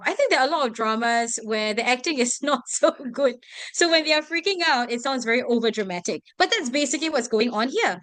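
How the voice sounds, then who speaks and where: High, lively woman tutor. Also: dry recording. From Singapore. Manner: checks in often with students, animated. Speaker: English tutor. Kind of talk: classroom vocabulary lesson. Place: classroom.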